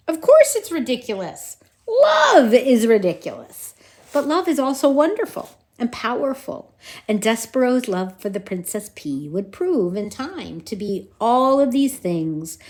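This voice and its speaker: A woman reading a children's storybook aloud to her kids in an expressive way. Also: high-pitched.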